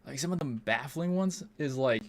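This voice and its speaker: A young man rambles through a gaming stream, swearing freely and sounding baffled at everything. His pitch swings widely as he talks, rising and dipping with each complaint. He speaks casually into a desk mic. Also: lively intonation, moderate pace. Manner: rambling, profane, incredulous.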